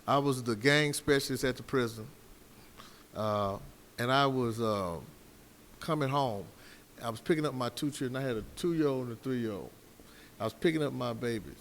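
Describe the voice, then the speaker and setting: A man with a medium-pitched, slightly bright voice speaks on a discussion panel, telling stories and driving home his point in an emphatic, preacher-like manner. The recording has hall reverb and faint background noise.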